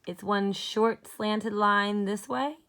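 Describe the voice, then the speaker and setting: A woman teacher giving a slow, clear phonics lesson to young children, modeling each letter sound and inviting them to try it with her. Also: mid-range voice, fairly even intonation, a bit bright.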